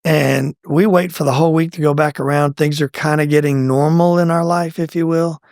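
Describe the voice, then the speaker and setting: A middle-aged man telling his own faith testimony in a conversational, animated way, acting out what people said. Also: fairly quick, gravelly, no room sound, studio quality. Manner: animated, acts out quoted lines with pitch jumps. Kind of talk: conversational storytelling.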